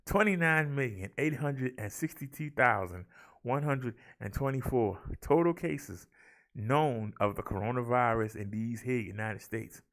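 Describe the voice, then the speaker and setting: Brief: male vlog host, gravelly mid-range voice, theatrical and chatty, addresses the viewers as y'all. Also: medium pitch, a little slow, fairly bright tone. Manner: theatrical, rolls his R's, talks to viewers as y'all. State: out of breath. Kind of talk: casual chat and daily numbers rundown.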